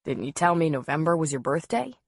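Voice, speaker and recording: A woman reading a gentle grown man. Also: deep voice, lively intonation, brisk, vocal fry, husky, no room sound, studio quality, exaggerated voice. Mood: tender. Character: tender, composed grown man, a suitor.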